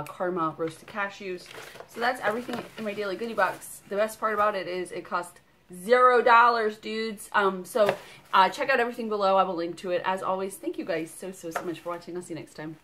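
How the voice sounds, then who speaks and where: A woman's voice: medium pitch, pushed and bright, slight background noise. A woman in her thirties chatting casually as she unboxes products for her vlog, bubbly and full of fillers. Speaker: vlogger.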